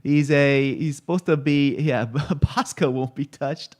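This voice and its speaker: A man's voice: a little high, fairly even intonation, measured pace, darkish tone. A man streaming live, chatting casually and rambling with many fillers and restarts while he looks things up on screen.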